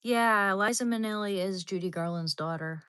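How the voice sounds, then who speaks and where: A woman's voice: medium pitch, moderate pace, a bit bright, clear, resonant tone. A woman at home, chatting casually with her live-stream viewers. She rambles, trails off and starts over, then drops into baby talk for her dog. Her voice sits in the middle of the range, and the sound is dry and close, with no room echo.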